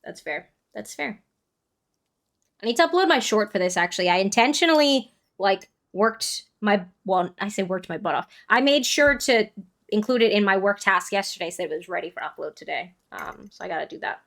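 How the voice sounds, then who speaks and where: A woman's voice: medium pitch, lively intonation, normal speed, a bit bright. A woman game streamer chatting casually, giggly and trailing off as she plays.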